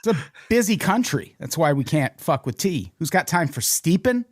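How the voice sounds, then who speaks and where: A man's voice: fairly high pitch, sing-song, normal speed. American guy cohosting a podcast, sarcastic jokey chat, lots of ups and downs in his voice. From United States. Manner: joking, sarcastic banter. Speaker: podcast host. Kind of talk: casual chat.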